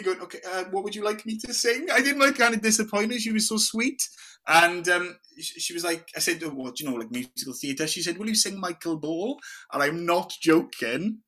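A man's voice: sits high, bright, forceful tone. A man telling stories in a casual chat as a podcast co-host. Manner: chatty storyteller, says mate often.

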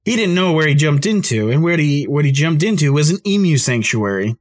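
A man's voice: fairly high pitch, big pitch swings, brisk. Laughing, rambling male podcast host. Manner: rambling, laughs at his own story. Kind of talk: casual storytelling chat.

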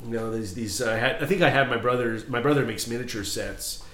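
A man hosting a podcast in casual chat, telling stories in an animated way and acting out scenes. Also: medium pitch, brisk. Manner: animated storytelling, acts out scenes. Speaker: podcast host. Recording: roomy echo.

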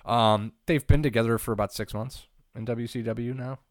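A man co-hosting a casual wrestling recap podcast, relaxed and easygoing. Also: medium pitch, moderate pace, no echo, clean studio sound. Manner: relaxed, easygoing, uses fillers like uh and um. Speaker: podcast co-host.

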